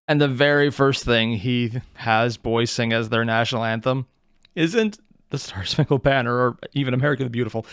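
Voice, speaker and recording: A man hosting a reaction video, talking casually with lively swearing and laughing asides. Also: mid-range voice, moderate pace, clear, resonant tone, no echo, studio quality.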